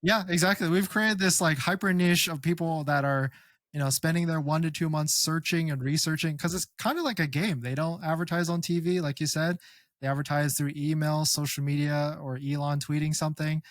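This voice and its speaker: A man speaking as an expert guest, explaining car-buying tips in a casual, animated way and acting out customers. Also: a little high, dry recording, studio quality. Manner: animated, quick explainer who acts out customers. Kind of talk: casual conversational advice.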